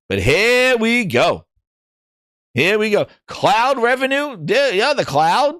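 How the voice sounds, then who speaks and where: A man running a gaming livestream, riffing on chat and slipping into mocking voices. His pitch sits a little high and jumps around a lot. The sound is dry, with no room around it. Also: takes it slowly, no echo. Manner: animated, joking, does mocking voices. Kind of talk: livestream commentary, reading chat.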